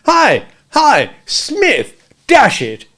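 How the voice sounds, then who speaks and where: A man voicing an indignant young gentleman who shouts in high, exasperated outbursts. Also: big pitch swings, moderate pace. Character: pink indignant young man, flustered, whining.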